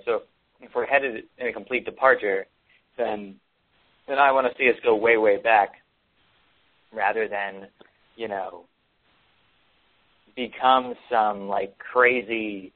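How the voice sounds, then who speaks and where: A man co-hosting a casual sports talk show, rambling with many ums and restarts. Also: lowish voice. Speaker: podcast co-host. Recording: tinny phone-like sound.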